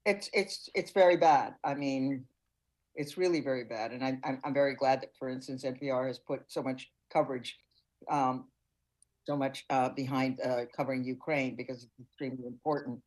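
A woman's voice: rumbling low, steady tone, normal speed, a little mellow, poor audio. An older woman, a foreign correspondent, giving reflective interview answers and searching for her words.

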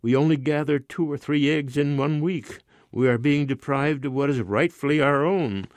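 A man's voice: fairly high pitch, normal speed, dry recording, pitched above the performer's own voice, lightly acted. A man voicing a superstitious, self-pitying peasant wife. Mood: pleading. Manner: pleading, insistent.

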